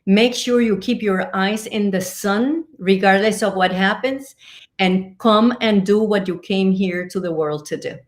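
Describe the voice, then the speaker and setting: A woman's voice: mid-range voice, a little slow. A woman who is a business coach, speaking as an interview guest, earnest and encouraging, hesitating with frequent fillers. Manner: warm, earnest, hesitant with fillers, laughs often.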